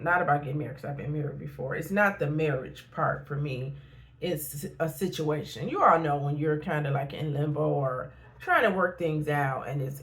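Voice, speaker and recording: A middle-aged woman, a therapist and life coach, talking frankly in a casual motivational vlog and repeating points for emphasis. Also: low-pitched.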